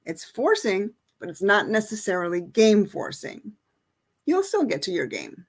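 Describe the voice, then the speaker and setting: A woman's voice: mid-range voice, huge pitch swings, unhurried, breathy edge. A middle-aged woman teaching an online lesson, explaining in a casual way with many fillers. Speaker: bridge teacher.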